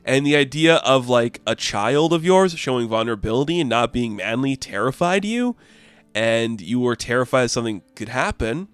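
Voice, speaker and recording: A man's voice: medium pitch, lively intonation, moderate pace, fairly bright tone, smooth, dry recording. A man casually recapping a comic book issue, chatty and enthusiastic.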